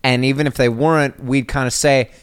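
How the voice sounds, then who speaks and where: A man's voice: medium pitch, steady tone, a little fast, clean tone, no room sound, clean studio sound. A man co-hosting a casual podcast, rambling through anecdotes with self-interruptions. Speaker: podcast co-host. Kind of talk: casual storytelling chat.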